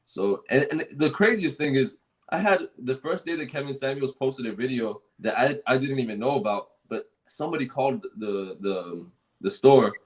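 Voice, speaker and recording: A man's voice: medium pitch, normal speed, poor audio. A man telling a workplace story in casual chat, rambling with many fillers and restarts and swearing freely. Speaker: fragrance store worker.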